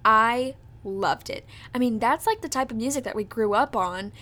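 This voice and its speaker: A woman's voice: a little high, moderate pace, pushed and bright. A woman in her twenties hosting a podcast, chatting casually and bubbly, full of "like" and "literally". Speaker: podcast host. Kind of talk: casual chat.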